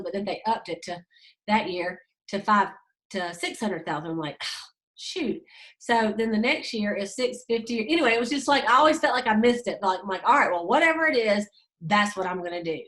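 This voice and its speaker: A woman, leading a sales team and giving a casual, fast, chatty training talk aimed straight at her listeners. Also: mid-range voice. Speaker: direct sales team leader.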